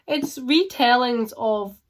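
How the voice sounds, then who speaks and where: A woman's voice: a little high, slow pace. A woman book vlogger talking casually to camera at home, chatty and frank, rambling through her reading plans.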